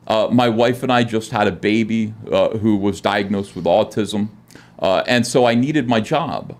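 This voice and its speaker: A middle-aged man, a guest comic artist, telling his story in a podcast interview, rambling with many "uh" fillers and acting out quoted dialogue. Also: lowish voice. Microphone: studio podcast microphone.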